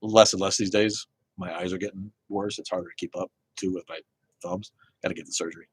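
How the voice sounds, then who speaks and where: A livestream host from Connecticut, USA, rants and chats with viewers in a profane, heated way. His low voice is brisk with fairly even intonation, recorded on a phone with a little hiss or hum.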